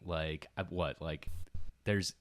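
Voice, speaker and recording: A man's voice: very deep voice, steady tone, slow pace, a bit bright, no room sound, studio quality. A man hosting a comedy podcast, telling a story casually and laughing as he goes. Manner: laughs through his story, acts out quotes. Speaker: podcast host.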